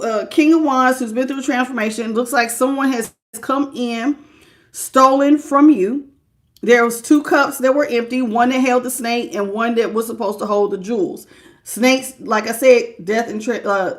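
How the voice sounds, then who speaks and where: A woman hosting a live tarot reading, thinking aloud as she works through the cards and stops to greet viewers by name in a warm, familiar way. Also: a little high. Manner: conversational, thinking aloud, interrupts herself to welcome viewers by name.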